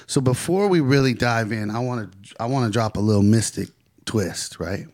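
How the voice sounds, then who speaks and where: A man from California hosting a casual roundtable talk, relaxed and thoughtful, asking reflective questions. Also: medium pitch, moderate pace, no echo, clean studio sound. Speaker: podcast host.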